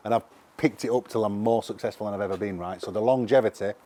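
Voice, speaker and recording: A middle-aged man with a Sheffield accent, a musician telling animated, sweary anecdotes in a casual interview. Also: on the low side, quick pace. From England. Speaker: musician guest.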